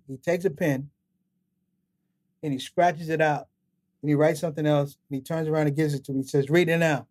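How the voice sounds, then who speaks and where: A middle-aged comedian, a man, telling long stories in a casual interview and acting out the people he quotes. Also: on the high side. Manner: animated storyteller, acts out quotes with laughs. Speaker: comedian and podcast guest.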